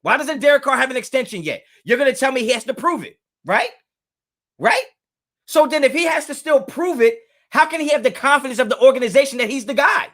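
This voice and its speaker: A man's voice: extremely high pitch, expressive, brisk, a bit bright. A young man hosting a live sports fan talk, arguing heatedly with chat and repeating himself to press a point. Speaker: sports talk show host.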